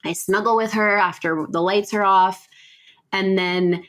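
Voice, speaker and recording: A woman's voice: mid-range voice, fairly even intonation, measured pace, fairly bright tone. A woman in her thirties, hosting a podcast and telling a personal story in a casual, chatty way, with frequent self-corrections. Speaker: podcast host.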